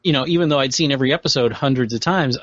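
A man's voice: mid-range voice, very fast, fairly bright tone, no echo, dull audio. Rambling man in casual chat. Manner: rambling, self-correcting.

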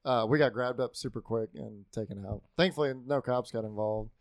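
A man co-hosting a casual gaming podcast, telling a story in a relaxed, rambling way. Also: mid-range voice, fairly quick, dry recording, clean studio sound. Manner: laid-back, rambling storyteller. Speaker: podcast co-host.

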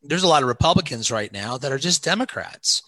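A man speaking as a pastor and podcast guest gives practical, direct advice. His voice is bright and forceful, and it is recorded dry and close with no room echo. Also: mid-range voice, expressive, fairly quick. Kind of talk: casual interview talk.

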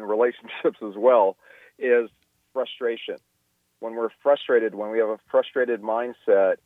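A man's voice: medium pitch, no room sound. A man, a guest in a radio interview, explains his ideas at length, often restarting his sentences with fillers. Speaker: guest expert. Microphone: telephone. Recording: tinny phone line.

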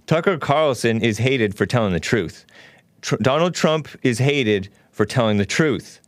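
A man's voice: medium pitch, lively intonation, a little slow, dry recording. A male talk show host delivering an opinionated monologue in a scornful, ranting way, with mocking laughs.

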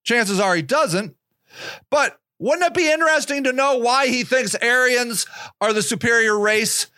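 A man with a high, bright voice rants through a solo podcast monologue. He is sarcastic and profane, dropping into mocking voices, and his voice sounds dry and close. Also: measured pace, no echo. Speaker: podcast host. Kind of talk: opinionated monologue.

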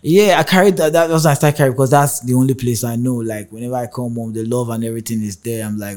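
A man's voice: medium pitch, quick pace, hardly any pauses, darkish tone. A young Nigerian man with a Warri pidgin accent, telling stories in a casual interview, mixing pidgin and English, acting out voices and laughing often. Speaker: rapper interviewed as guest.

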